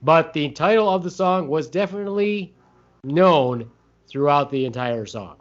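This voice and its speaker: A man's voice: fairly high pitch, unhurried. A man co-hosting a casual podcast chat, talking in a joking, rambling way with many fillers. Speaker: podcast co-host. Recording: dull lo-fi sound.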